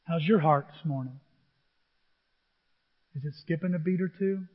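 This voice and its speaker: An older male pastor with a high voice delivers a sermon, animated and storytelling. His voice carries a long reverb from a large hall. The recording sounds a little dull. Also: moderate pace.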